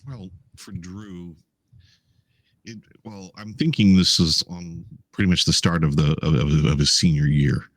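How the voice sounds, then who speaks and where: A man describing his character at a tabletop game with a halting start. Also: deep voice, fairly even intonation, no echo. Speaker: player. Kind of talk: tabletop play.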